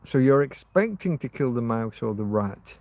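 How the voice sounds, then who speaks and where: A man's voice: mid-range voice, expressive, normal speed, darkish tone, no room sound. Rambling man on a livestream. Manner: rambling, trails off and restarts, chats to viewers. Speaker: livestream host. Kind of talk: casual rambling livestream chat.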